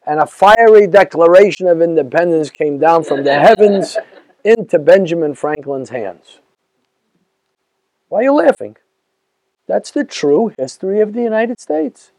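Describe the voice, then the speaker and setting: Very high-voiced man lecturing. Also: a little slow, no room sound, rough recording. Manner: animated, rhetorical, questions the audience. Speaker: rabbi. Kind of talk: lecture to a live audience.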